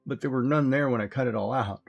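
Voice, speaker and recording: Gravelly, husky man chatting with his viewers. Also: medium pitch, fast talker, lo-fi sound, faint music behind. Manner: rambling, chuckles often. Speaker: streamer. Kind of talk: casual chat with a live audience.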